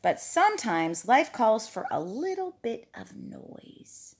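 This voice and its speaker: A woman's voice: a little high, big pitch swings, slow pace, breathy edge. A woman reading a picture book aloud to a child, chatty and playful, stopping to talk about the pictures. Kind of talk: storybook read-aloud to a child.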